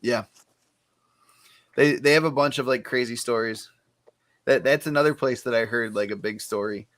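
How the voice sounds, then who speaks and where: A man in the middle of his usual pitch, chatting easily on a comics podcast. He talks in a loose, rambling way, laughs a lot and builds out long theories step by step. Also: moderate pace, no room sound. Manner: relaxed, laughs often, lays out fan theories at length. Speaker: podcast co-host. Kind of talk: casual chat.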